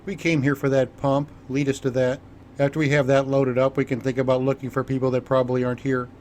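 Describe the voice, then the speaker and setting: A man's voice: medium pitch, little pitch movement, quick pace, a little mellow, a little hiss or hum, close to an everyday voice. Man playing a terse, commanding squad leader. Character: stoic male leader in armor.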